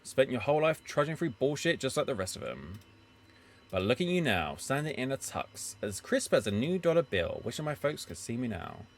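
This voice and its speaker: A man's voice: medium pitch, sing-song, normal speed. A man playing a drunk, scheming writer. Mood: musing. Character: drunk bitter struggling male writer, scheming.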